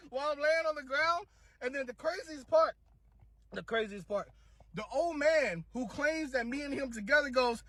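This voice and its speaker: A man telling a funny story in a casual, animated way, laughing as he goes. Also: very high voice, unhurried. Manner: animated, laughing through his own story.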